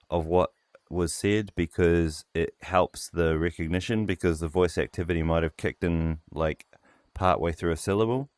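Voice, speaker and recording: Brief: male developer, casual meeting talk, hesitant and full of fillers, smooth low voice, dry close sound. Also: dry recording. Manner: hesitant, pauses a lot, many fillers. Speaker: developer demoing a voice API.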